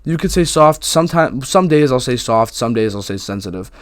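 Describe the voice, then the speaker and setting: A man's voice: medium pitch, expressive, a little fast, no room sound, clean studio sound. A young man in his twenties hosting a casual solo podcast, talking candidly and rambling with many fillers and restarts. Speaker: podcast host.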